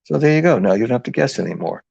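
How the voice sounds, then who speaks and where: A man's voice: medium pitch, animated, very fast, gravelly, a little mellow, dry recording. A man with a New England accent hosting a casual live craft demonstration, rambling and joking as he thinks aloud while working, heard in dull lo-fi livestream sound.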